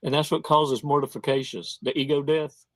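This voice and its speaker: A man's voice: on the high side, fairly even intonation, moderate pace, fairly bright tone, dry recording. A man hosting a casual monologue in a folksy, slangy manner, stretching words out for emphasis. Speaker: host.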